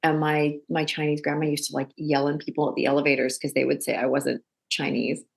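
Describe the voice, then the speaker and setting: A woman from Canada, an actor and director, chatting in an interview and telling animated stories with quoted voices. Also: low-pitched, fairly quick, vocal fry. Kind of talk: casual interview.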